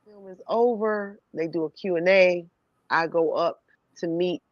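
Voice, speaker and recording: A woman telling a personal story in casual chat, animated and laughing, swearing freely. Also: on the low side, measured pace, no echo. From New York City. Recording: dull, dry sound.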